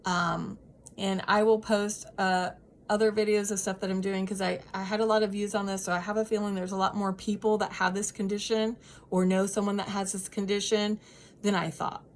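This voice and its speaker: Woman in her thirties, mid-pitched, earnest and sincere; casual vlog advice to camera. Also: little pitch movement, normal speed. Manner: earnest, heartfelt, many ums and restarts. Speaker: vlogger sharing personal experience.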